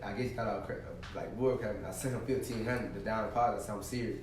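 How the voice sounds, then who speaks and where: Fast-talking young man, roomy. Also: lowish voice, fairly even intonation, darkish tone, slight background noise. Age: 20s. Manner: fast, casual, slangy. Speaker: guest, YouTuber. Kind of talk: casual interview. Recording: echoey room, far from mic.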